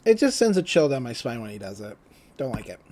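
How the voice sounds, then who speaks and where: This podcast co-host has just woken up and is chatting casually through an anime recap, retelling scenes and quoting the characters in loose paraphrase. He's very animated, talking quickly in a medium-pitched, slightly mellow voice.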